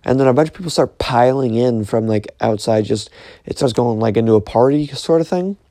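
A man's voice: medium pitch, a little fast, dark tone, dry recording, clean studio sound. A young man casually retelling a dream, rambling with lots of fillers and restarts. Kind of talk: casual storytelling, recounting a dream.

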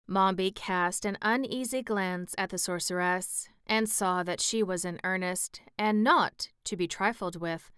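A woman narrating an audiobook with calm, steady storytelling on a close microphone. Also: mid-range voice, unhurried, hardly any pauses, clear, resonant tone, no room sound.

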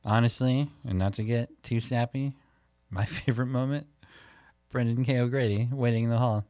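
A man's voice: mid-range voice, fairly even intonation, normal speed, dark tone, no room sound, studio quality. Rambling man in casual podcast chat. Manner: rambling, self-interrupting storyteller. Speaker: podcast co-host.

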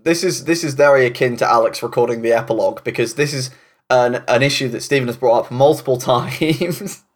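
A man's voice: medium pitch, brisk. A man hosting a casual banter podcast, chatty and laughing often. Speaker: podcast host.

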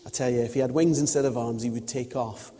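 A man preaching a sermon in a relaxed, storytelling way, acting out little quotes as he goes. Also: medium pitch, quick pace, in a large hall. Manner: chatty storytelling with acted-out quotes. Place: church.

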